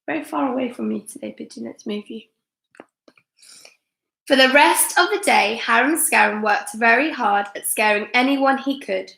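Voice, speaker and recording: A woman teacher reading a children's book aloud, slow and expressive, stopping to ask her listeners questions. Her voice is bright, slightly high and a little gravelly. An echoey room surrounds it. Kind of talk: live read-aloud story time.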